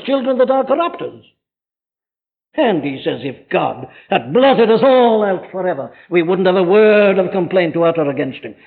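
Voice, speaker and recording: An impassioned man preaches a sermon, driving his point home with one rhetorical question after another. His voice sits fairly high and carries through a chapel with a long, ringing reverb. The old archive recording is thin and narrow, almost like a phone line.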